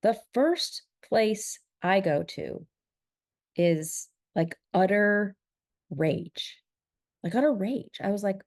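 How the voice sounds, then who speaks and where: A middle-aged woman telling a personal family story in a candid, reflective way, getting animated as she acts out both sides. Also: medium pitch, slow, dry recording, studio quality. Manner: candid, animated when quoting, laughs at herself. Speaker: vlogger.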